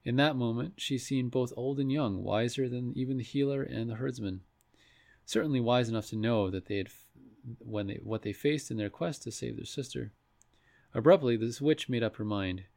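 A man reading a fantasy story aloud in a measured way, with a few restarts. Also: medium pitch, creaky, darkish tone. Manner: measured, with occasional slips and restarts. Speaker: narrator. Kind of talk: storybook read-aloud narration.

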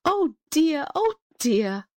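A fretful young queen from a storybook, her voice climbing high and breathless with worry, as a woman reading aloud puts her on. The recording is close and dry, with no room sound around it. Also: very animated, normal speed, a little mellow, dry recording. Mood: anxious.

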